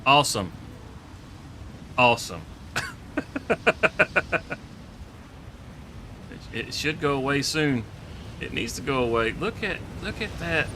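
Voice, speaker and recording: A man's voice: on the high side, sing-song, slow, long pauses, background noise. A man giving live gameplay commentary, joking, laughing often and talking to the game animals. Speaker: streamer.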